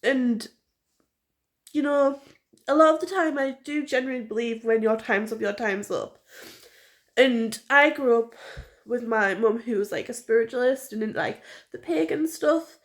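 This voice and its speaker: A woman with a North East English accent talks to her camera at home, in the casual rambling way of a personal vlog. Her voice sits a little high, and she strings thoughts together with plenty of fillers and restarts. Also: moderate pace. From North East England. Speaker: vlogger.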